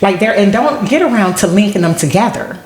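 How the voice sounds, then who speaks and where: A woman talking casually on a podcast, animated and playful, who slips into sassy quoted voices. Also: mid-range voice, fairly quick. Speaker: guest. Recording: echoey room with faint noise.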